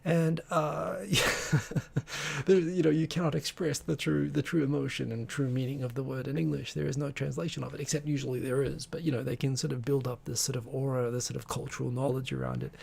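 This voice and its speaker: A man's voice: medium pitch, fairly even intonation, brisk, gravelly, darkish tone, slightly rough. A man hosting a live stream, chatting casually in a rambling, digressive way with many restarts. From Tokyo-based.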